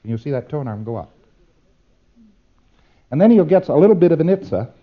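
A man's voice: fairly high pitch, sing-song, brisk, narrow, tinny audio. A man giving a demonstrative lecture, acting out exchanges with playful repetition.

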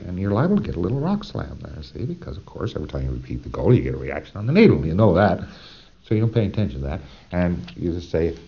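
A man's voice: low voice, sing-song, quick pace, creaky, muffled recording. A man giving a conversational, emphatic training lecture, often checking in with "see?".

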